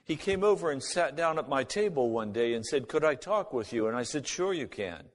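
Man, mid-pitched, storytelling testimony that acts out the dialogue, long hall reverb. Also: lively intonation, fairly quick. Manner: acts out both sides of remembered conversations. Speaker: speaker giving a personal testimony.

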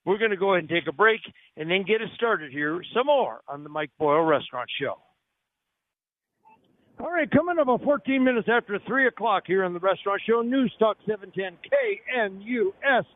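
Hosting a live radio show from a remote spot, this man pitches a restaurant in a jokey, upbeat salesman manner. He speaks a little fast in a high voice with lively intonation, heard through dry, narrow audio that sounds like a phone line.

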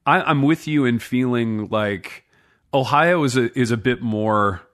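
This time the middle-aged co-host speaks a little slowly, his medium-pitched voice fairly bright in tone. He wanders from topic to topic in relaxed conversation, often laughing and making self-deprecating jokes.

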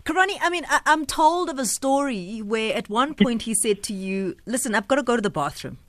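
A woman's voice: on the high side, lively intonation, brisk, no room sound. Woman radio host asking questions. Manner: attentive, murmurs agreement. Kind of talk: radio interview.

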